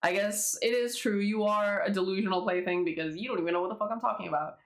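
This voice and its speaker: A woman's voice: mid-range voice, fast talker, roomy sound, lightly acted. A sassy young man voiced by a woman reading a comic aloud needles his target in a smug, mocking tone. He sounds sure of himself and delights in teasing.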